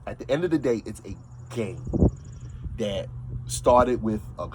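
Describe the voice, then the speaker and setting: A man's voice: fairly low pitch, animated, measured pace, heavy background noise. A man with a New York accent talking casually and emphatically to his audience, often repeating himself. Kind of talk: casual monologue.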